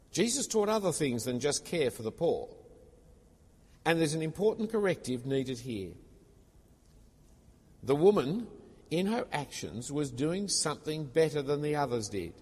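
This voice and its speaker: Husky-voiced man preaching in a reverberant hall. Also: a little high, darkish tone. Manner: expository, with conversational personal asides. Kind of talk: sermon. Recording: long reverb of a large hall.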